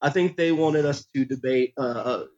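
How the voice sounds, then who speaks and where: Husky male co-host, dull lo-fi sound. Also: mid-range voice, normal speed, darkish tone. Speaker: podcast co-host. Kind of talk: casual chat.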